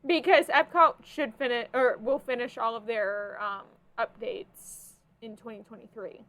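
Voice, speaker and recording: A young woman with a somewhat high voice co-hosts a casual podcast. She talks in a chatty, animated way, peppered with fillers. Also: a little slow. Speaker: podcast co-host. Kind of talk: casual chat.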